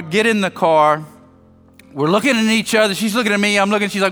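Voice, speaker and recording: A man's voice: high voice, quick pace, a bit bright, in a large hall, soft background music. A man preaching a sermon as pastor, telling a family story with joking asides and acting out the dialogue.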